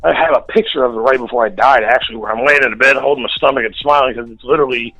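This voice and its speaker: A man's voice: mid-range voice, very fast, sharp tone, no echo, lo-fi sound, soft background music. A man telling a story in a casual radio interview, blunt and heavy on the profanity. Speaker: guest. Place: radio studio.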